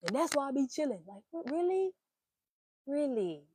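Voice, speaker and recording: Animated, blunt woman with a mellow voice. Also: high-pitched, normal speed, long pauses, dry recording. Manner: animated, swearing, playful exclamations. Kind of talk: casual spiritual reading monologue.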